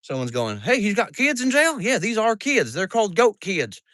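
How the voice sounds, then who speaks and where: Farmer dude on a livestream doing chores outside, cussing and joking, voice jumps all over, dry close sound. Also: male voice, high-pitched, very animated, moderate pace, a bit bright, no room sound. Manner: profane, joking and rambling. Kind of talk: casual livestream chat while doing farm chores. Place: outdoors on a farm.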